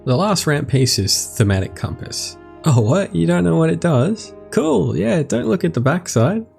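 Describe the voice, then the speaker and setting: Profane, animated young man hosting. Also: on the high side, normal speed, vocal fry, faint music behind. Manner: irreverent and profane, jokey asides. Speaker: host. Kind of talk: casual, comedic card game deck review.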